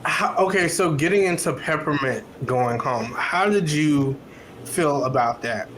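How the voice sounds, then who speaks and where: Male podcast co-host, fairly high voice, blunt and opinionated, faint noise behind him. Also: expressive, measured pace, fairly bright tone, poor audio. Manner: blunt, opinionated, curses casually. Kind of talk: casual chat.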